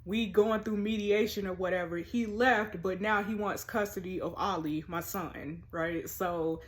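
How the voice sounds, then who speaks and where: A sassy woman chatting her way through a story game. She reads the text messages aloud and drops in cheeky asides of her own, in a relaxed, conversational voice. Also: mid-range voice, measured pace. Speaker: gamer playing a story game. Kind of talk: casual in-character game commentary.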